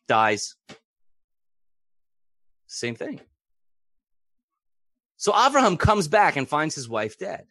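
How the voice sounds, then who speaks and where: A man's voice: medium pitch, big pitch swings, slow, long pauses, sharp tone, no room sound, clean studio sound. A man teaching a Bible class in a theatrical, questioning way, acting out the figures in the text. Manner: theatrical, questioning, acts out quotes. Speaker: Torah teacher.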